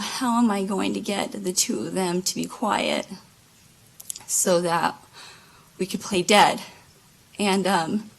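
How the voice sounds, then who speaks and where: A woman testifies from the witness stand in a courtroom, speaking slowly and haltingly. Her voice has a gravelly, creaky texture, and she often pauses on fillers and starts her sentences again. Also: mid-range voice, rough recording. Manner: halting, many fillers and restarts. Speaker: trial witness. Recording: courtroom microphone.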